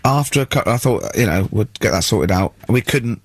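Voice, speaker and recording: A man's voice: on the low side, animated, normal speed, husky. A man co-hosting a radio show, telling wry anecdotes in casual banter. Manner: wry anecdotes, quoting people in voices. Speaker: radio co-host.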